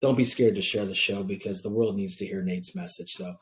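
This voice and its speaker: A man's voice: on the low side, brisk. A man hosting a casual podcast interview, talking in a hyped, slangy, enthusiastic way. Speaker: podcast host.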